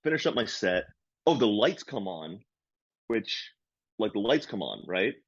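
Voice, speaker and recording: In a lowish, husky voice and at a slightly slow pace, a comedian and podcast co-host spins a story during casual conversation. He performs the characters' quoted lines loudly and with animation, and the dull audio carries no echo.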